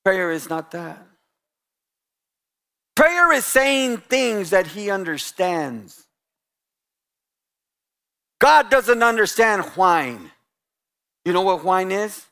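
A man with a high voice preaching a lively sermon. He is animated and a bit sarcastic, and he acts out what people say as he makes his points. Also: slow, pauses often. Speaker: guest pastor.

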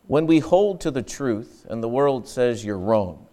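A man's voice: mid-range voice, animated, unhurried, dark tone. A man pastor preaching an earnest, emphatic sermon with frequent restarts.

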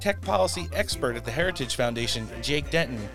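A man with an expressive, mid-range voice hosts a political podcast, chatting casually as music plays behind him. He briskly signs off and reads the sponsor spots.

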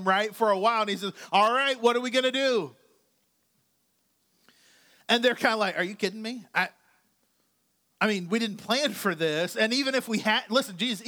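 Male pastor with a high, bright voice, preaching in a loose, joking, chatty way. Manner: chatty, joking asides to the congregation. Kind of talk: conversational sermon.

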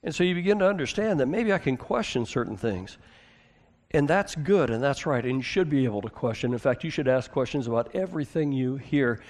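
A man preaching a sermon as a pastor, conversational, asking the congregation questions and moving between emphatic and hushed delivery. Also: mid-range voice, animated, fairly quick.

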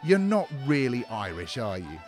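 A patient, dry straight man in a comedy radio sketch, played by a man. His voice moves about with a lively lilt, but his corrections stay flat and lightly exasperated. Faint music plays behind him. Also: mid-range voice, moderate pace.

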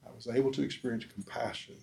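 A man with an ordinary mid-range voice delivers an earnest preaching talk. He leans on call-and-response questions to his listeners and swings between loud emphasis and soft, quiet lines. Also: mid-range voice, steady tone, quick pace, vocal fry. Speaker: speaker at a discipleship forum.

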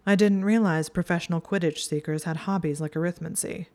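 A woman's voice: fairly low pitch, normal speed, a little mellow. A woman reading a snide young wizard.

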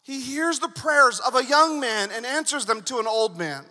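A male pastor preaches with a playful, animated flair. His voice sits very high and sounds bright and piercing. Long reverb carries through the church hall. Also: normal speed. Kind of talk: sermon.

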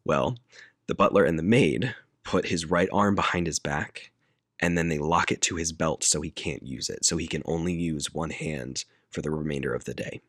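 A man with a very deep voice walks a friend through a film's plot in a casual chat. He quotes the characters in a flat deadpan and laughs easily. The recording is dry and close, with no room sound. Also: moderate pace, no room sound. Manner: laid-back storyteller, deadpan quoting, laughs often. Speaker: podcast co-host retelling a movie.

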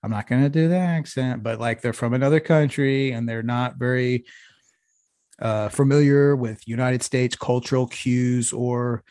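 A man's voice: medium pitch, fairly even intonation, normal speed, a little mellow, no room sound. Man, podcast co-host, rambling swear-heavy stories, dry close mic. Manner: rambling storyteller, heavy swearing, says "bro". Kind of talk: casual profane banter.

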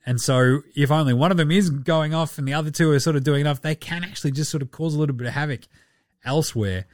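A man with an Australian accent, co-hosting a podcast in relaxed, rambling sports chat with casual swearing. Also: a little high, quick pace, no echo, studio quality. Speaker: podcast co-host.

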